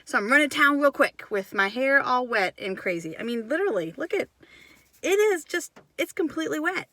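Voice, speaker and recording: Chatty homestead mom vlogging, bright voice, dry close sound, keeps going off on tangents. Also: female voice, sits high, sing-song, brisk, no room sound. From Wisconsin. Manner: chatty, rambling, self-interrupting. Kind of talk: casual storytelling vlog.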